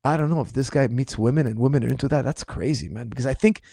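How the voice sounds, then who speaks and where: A man coaching martial arts who answers viewer questions in a casual livestream, speaking in an animated, incredulous and mocking way, his voice slightly strained. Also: medium pitch, quick pace, gravelly, slightly rough, no echo, studio quality.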